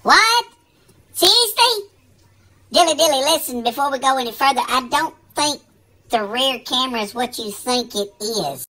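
A woman voicing an excitable male buddy in a comedy sketch, who keeps gasping in disbelief at every twist. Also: high voice, normal speed, pitched above the performer's own voice, full character voice. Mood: excited.

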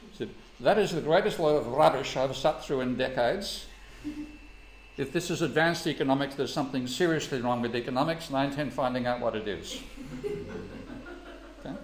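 A man giving an economics lecture, telling anecdotes bluntly and swearing casually. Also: medium pitch. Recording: echoey room, faint ambient noise.

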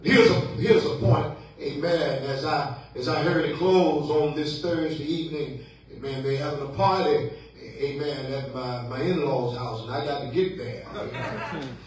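A man with a fairly high voice preaches a revival sermon in an unhurried, measured delivery. He calls out to the congregation and builds toward shouted peaks. The recording is very echoey, picked up from a distance in a church sanctuary. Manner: call-and-response preaching, rising to shouts. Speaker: guest preacher. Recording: echoey church, mic from far off.

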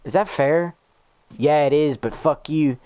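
A man's voice: fairly high pitch, measured pace, warm tone, clear, resonant tone, no echo. A young man narrating his own video game in a stream of exasperated, profane complaints. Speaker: gamer posting gameplay. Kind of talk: live gameplay commentary.

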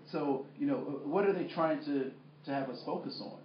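A man's voice: medium pitch, moderate pace, hardly any pauses, slight background noise. A man leading a workplace training workshop in a conversational way with many fillers, asking the room questions. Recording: echoey room, muffled sound.

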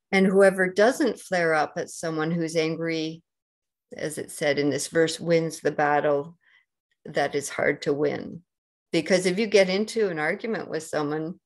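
A woman with a Canadian accent giving a dharma talk as a meditation teacher, gentle and unhurried, pausing often with soft fillers. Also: low voice. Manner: slow and gentle, with many pauses and fillers.

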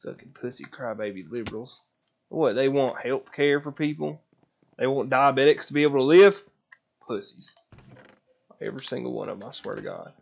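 A man's voice: medium pitch, normal speed, creaky. A man streaming a game live, grumbling and swearing with sarcasm while chatting to his baby son. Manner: talks to his baby son between tasks. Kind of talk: casual gaming live stream chat.

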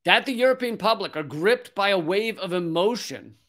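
His voice sits high, with a fairly bright tone and lively intonation, moving at normal speed. He's a political commentary host in his forties who reads an article aloud and keeps interrupting himself with sarcastic, foul-mouthed rants.

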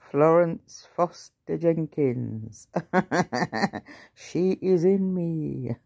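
A woman's voice: low voice, expressive, extremely slow, creaky, pauses often, darkish tone, breathy edge, dry recording, clean studio sound. A woman at home talking baby talk to her cat and singing meows at it. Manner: sing-song meowing and baby talk to a cat. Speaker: pet owner vlogger. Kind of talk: casual talk to a pet.

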